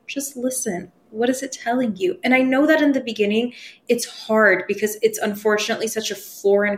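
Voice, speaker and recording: A woman who works as a spiritual medium, talking as a podcast guest in a casual, expressive way, acting out her own inner dialogue and swearing casually. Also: on the high side.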